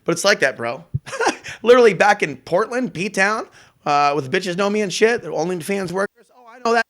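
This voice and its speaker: Brash, high-voiced man on a rambling rant. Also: animated, moderate pace, a bit bright. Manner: brash, profane, jumps between topics. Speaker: host. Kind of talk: rambling casual monologue.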